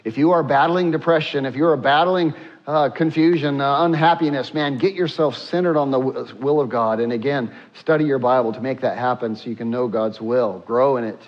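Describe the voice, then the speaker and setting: Animated man preaching a sermon. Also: mid-range voice, fairly quick, highs cut off. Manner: animated preaching, leads congregation in reading. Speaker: pastor.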